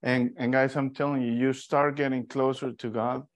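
A man from Mexico teaching an informal Bible study, telling stories in a lively, animated way with restarts. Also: mid-range voice, moderate pace, no room sound.

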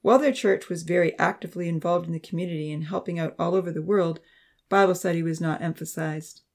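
A man narrating a Christian youth novel in a steady, clear storytelling voice. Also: on the high side, fast. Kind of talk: audiobook narration.

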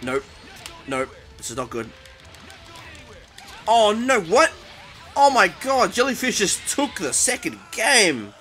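A young man giving excitable, panicky commentary over his own fighting-game match, taunting his opponent. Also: high voice, slow pace, pauses often. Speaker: gaming YouTuber. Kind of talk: live gameplay commentary. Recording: game music behind voice.

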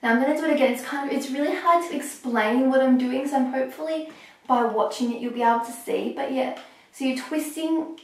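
A young woman talking through a hair tutorial step by step, a little hoarse as she is losing her voice. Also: high voice, darkish tone, recorded from a distance. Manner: chatty, explaining step by step with pauses. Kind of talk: casual how-to talk while working. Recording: echoey room, voice off-mic.

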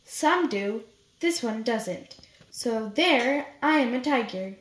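A woman's voice: fairly high pitch, animated, takes it slowly. A woman voicing a stubborn little male mouse who insists he is a tiger, read from a storybook. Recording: roomy echo.

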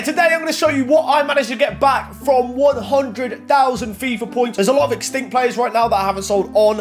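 A young man giving casual gameplay commentary as a YouTuber, excitable and pleading out loud at each reveal. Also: very high-pitched. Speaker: gaming YouTuber.

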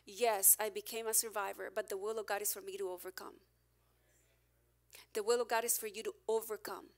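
A woman pastor preaching a candid, emphatic sermon, her loudness rising and falling as she presses her points. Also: medium pitch, flat delivery, brisk.

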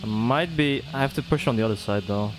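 A man giving casual live gameplay commentary as a streamer, excitable, swearing and laughing often. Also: mid-range voice, quick pace, background noise. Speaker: gaming streamer.

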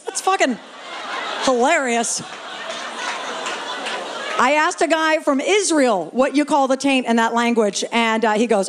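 A woman's voice: high voice, lively intonation, normal speed, pauses often. A woman doing a stand-up comedy set in a live venue, brash and playful, swearing freely and bantering with the audience on a stage mic. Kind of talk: stand-up set, crowd work.

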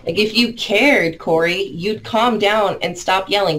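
A woman's voice: medium pitch, measured pace, fairly bright tone, poor audio. Stern female stream host, keeps order, repeats herself. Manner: firm, scolding, repeats herself. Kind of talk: moderating a livestream panel.

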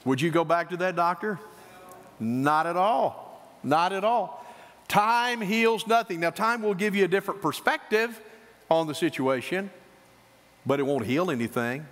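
A male pastor preaching a sermon, swinging between emphatic high points and quieter asides. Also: expressive, normal speed. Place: church sanctuary. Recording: church hall reverb.

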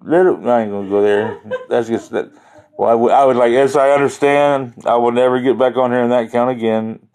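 This is a man with a drawl talking to his viewers on a livestream at home. He rambles in a folksy, joking way, drifting off topic and circling back. His pitch sits in an ordinary middle range. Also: fairly even intonation, a little fast, darkish tone. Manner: folksy, joking, easily sidetracked. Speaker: livestream host. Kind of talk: rambling live-stream chat.

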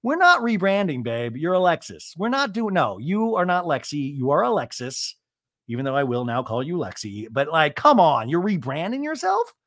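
A man's voice: a little high, big pitch swings, moderate pace, fairly bright tone, no room sound, studio quality. A man hosting a podcast, giving a casual comic recap in a sarcastic, chatty, exasperated way. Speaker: podcast host. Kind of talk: casual comedic recap commentary.

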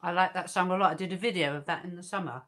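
A woman's voice: lowish voice, racing, fairly bright tone. A woman co-hosting an online show, chatting and bantering with plenty of laughter. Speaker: co-host. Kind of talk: casual chat.

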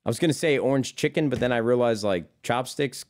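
A man's voice: mid-range voice, quick pace. A young man streaming live, chatting casually with viewers in a rambling way, swearing freely and calling them brother.

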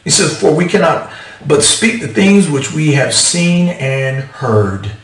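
A man preaching an animated, emphatic sermon, firing off rhetorical questions to his congregation. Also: on the high side, slow, roomy sound, recorded from a distance, rough recording. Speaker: pastor.

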